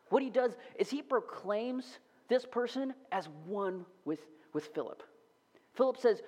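A man giving a casual, animated sermon, sometimes dropping to a whisper. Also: very high-pitched, unhurried. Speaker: preacher. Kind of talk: conversational sermon.

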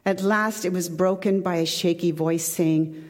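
A woman pastor giving a sermon in a relaxed, conversational way with personal asides. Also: on the low side, normal speed, long reverb tail.

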